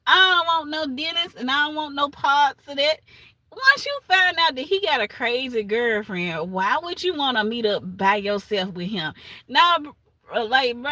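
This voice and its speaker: Bright-voiced woman retelling a story. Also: high voice, no echo. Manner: animated retelling with laughs and asides. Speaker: livestream host. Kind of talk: casual storytelling recap.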